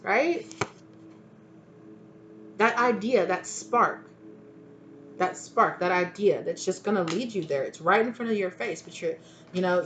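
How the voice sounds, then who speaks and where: A woman's voice: mid-range voice, fairly bright tone, a little hiss or hum. A woman giving a casual spoken tarot reading, rambling and chatty, with many fillers and restarts. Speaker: tarot reader.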